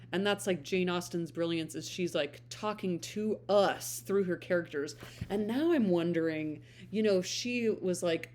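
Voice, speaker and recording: A woman's voice: lowish voice, a little mellow, a little hiss or hum. A woman who reads books on her channel, talking casually and thinking aloud as she searches for her words. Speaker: book reader and vlogger. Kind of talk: casual reflective chat.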